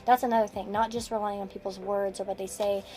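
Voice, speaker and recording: A woman's voice: medium pitch, level tone, fast, over music, poor audio. Rambling woman giving a tarot reading. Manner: rambling, restarts sentences, chuckles between thoughts. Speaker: tarot card reader. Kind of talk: casual tarot reading to camera.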